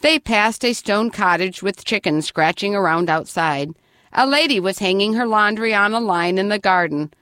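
A woman narrating a children's storybook in an expressive, lively reading voice. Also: medium pitch, moderate pace, no echo, studio quality.

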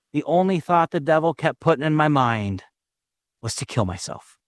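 A male pastor preaching a sermon, telling his own story and closing in prayer, slow and earnest with emphatic rises. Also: fairly high pitch, no echo, studio quality. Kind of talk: sermon with personal testimony and prayer.

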